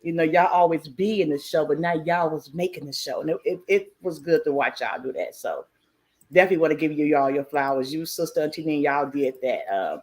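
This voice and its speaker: A woman's voice: low-pitched, a little fast, a little mellow. Chatty, frank woman hosting a live stream. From United States. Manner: chatty, frank, laughs often, greets chatters by name. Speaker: cruise vlogger hosting a live chat. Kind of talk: casual live-stream chat.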